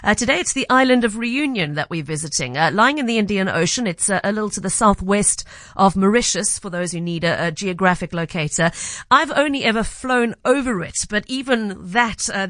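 A woman hosting a radio show, introducing a guest in a measured way with frequent "uh" fillers. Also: medium pitch, fairly bright tone, dry recording. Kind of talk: radio interview.

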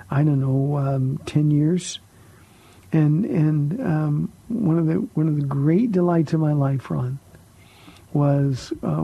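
A man's voice: fairly high pitch, gravelly, husky, dry recording, muffled recording. A middle-aged man, a pastor hosting a call-in radio show, answering Bible questions and telling stories with many fillers and restarts.

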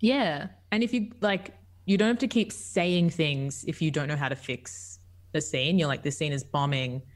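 A woman, a guest improv teacher, chatting in an animated way with lots of fillers. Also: lowish voice, normal speed. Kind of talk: casual chat.

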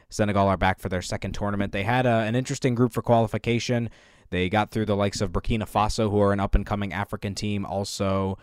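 A man's voice: on the low side, darkish tone, clean tone, no echo, clean studio sound. A man hosting a sports podcast, running through facts and names in casual analysis with some filler words. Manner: fact-heavy, with filler ums and uhs. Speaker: podcast host.

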